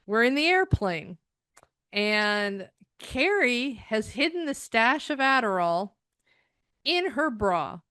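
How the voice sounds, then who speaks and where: A woman's voice: on the high side, very animated, takes it slowly, a bit bright, no room sound, clean studio sound. Sarcastic, exasperated woman ranting. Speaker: TV reviewer. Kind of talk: ranting episode review.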